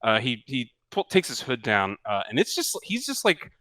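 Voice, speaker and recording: A man narrating a tabletop game as game master, in a relaxed and rambling way with many fillers. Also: medium pitch, moderate pace, no echo.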